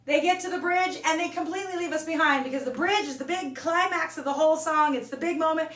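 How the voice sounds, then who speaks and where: A woman's voice: extremely high pitch, fast talker, a bit bright, echoey room, recorded from a distance. A woman voice coach teaching an online singing lesson, talking casually and checking in with "okay?" and "all right?" between points.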